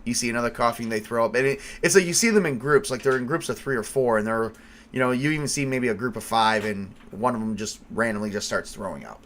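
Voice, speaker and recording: A man narrating as game master with lively storytelling. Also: medium pitch, quick pace, slight background noise.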